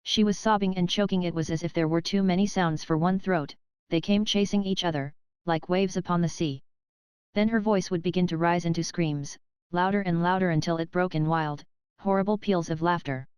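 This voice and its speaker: A woman narrating a classic novel as an audiobook in a steady, measured storytelling manner. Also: on the low side, clean tone, no echo, poor audio.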